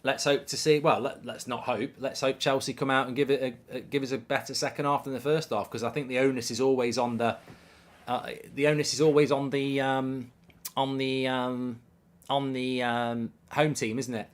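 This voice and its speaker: A man hosting a live football watchalong, reacting to the match and reading viewer comments in an excitable, animated way, often stumbling and restarting his sentences. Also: medium pitch, moderate pace. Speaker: host of a football watchalong stream.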